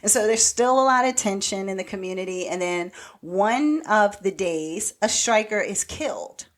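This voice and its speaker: A woman's voice: mid-range voice, moderate pace. Podcast co-host, woman, casual and chatty, recaps a plot with lots of "like" and "so anyway", acts out the lines. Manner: animated storyteller recapping a TV plot, acting out quoted lines; rambling, with many "like" and "so anyway" fillers. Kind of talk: casual chat.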